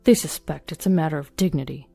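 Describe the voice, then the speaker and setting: A woman's voice: sits low, fast talker, creaky, dark tone, soft background music. A woman voicing a flustered middle-aged father who hurriedly explains trouble at his bank.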